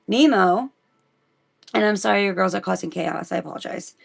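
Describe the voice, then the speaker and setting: A woman's voice: medium pitch, fairly even intonation, unhurried, vocal fry, long pauses. A woman from Missouri reads the Bible aloud on a livestream in a chatty way, breaking off to talk to her viewers. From Missouri, United States. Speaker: live-stream host reading the Bible. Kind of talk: casual live-stream Bible reading.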